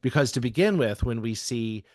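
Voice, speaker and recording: A man's voice: mid-range voice, lively intonation, moderate pace, no echo, studio quality. A man from the American South co-hosting a podcast, talking casually with lots of fillers and restarts. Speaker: podcast co-host. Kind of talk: casual chat.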